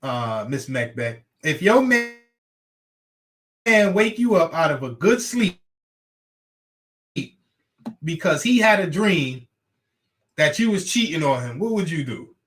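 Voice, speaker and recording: Animated man chatting casually on stream. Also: on the high side, slow, long pauses. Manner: animated, repetitive, laughing and teasing. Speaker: livestream host talking with guests. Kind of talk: casual livestream chat.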